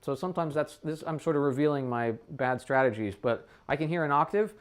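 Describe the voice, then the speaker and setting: Smooth-voiced man explaining practice aloud. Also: on the high side, animated, brisk. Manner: talks things through aloud, often checking in with "right?"; thinks aloud with frequent restarts. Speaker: trumpet teacher. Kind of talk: casual practice demonstration.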